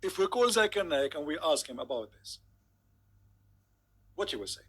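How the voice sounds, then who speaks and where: A man's voice: fairly high pitch, very animated, moderate pace, fairly bright tone, breathy edge. A man giving a sarcastic, mock-incredulous comedic monologue. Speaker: comedic commentator.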